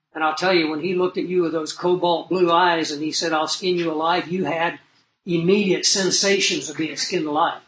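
High-voiced man preaching a sermon. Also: slight background noise, low-quality recording. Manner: earnest storytelling preacher, swings from loud emphasis to low asides.

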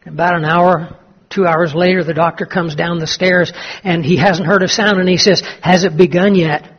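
A man preaching a sermon, telling a story and then drawing slow, emphatic lessons from it. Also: high voice, steady tone, husky, lo-fi sound. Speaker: pastor.

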